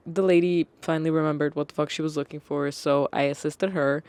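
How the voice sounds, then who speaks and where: A woman's voice: low voice, fairly even intonation, fairly quick, darkish tone. A young woman hosting a podcast, telling stories in a chatty, casual way full of "like" and the odd swear word. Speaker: podcast host. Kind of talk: casual storytelling.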